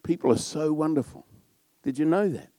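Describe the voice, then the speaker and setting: A middle-aged man with an Australian accent, a pastor preaching a sermon in a loud, warm storytelling manner. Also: on the high side, normal speed, dry recording.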